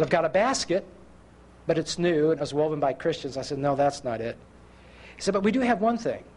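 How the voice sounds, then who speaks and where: A man preaching a sermon, telling a story and acting out the voices of the people in it, slowing down for emphasis. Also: fairly high pitch. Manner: animated, acts out quoted voices.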